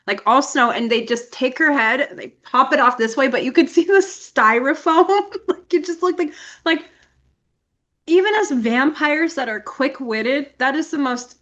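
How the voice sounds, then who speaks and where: A woman's voice: high voice, a little slow. A young adult woman co-hosting a podcast in casual chat, telling stories with lots of laughter and acted-out scenes. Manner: animated storyteller, laughs often, acts out scenes. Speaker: podcast co-host.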